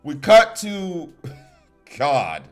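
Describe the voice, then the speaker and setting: A man's voice: fairly high pitch, huge pitch swings, very slow, soft background music. A young man reviewing a wrestling show in a heated, profane rant, laughing and swearing.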